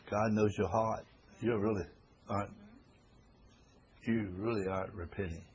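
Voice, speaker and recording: A man's voice: on the low side, fairly even intonation, normal speed, long pauses, lo-fi sound, a little hiss or hum. A man teaching a Bible study class to a small group, reading scripture aloud and explaining it in a folksy way, often repeating phrases for emphasis.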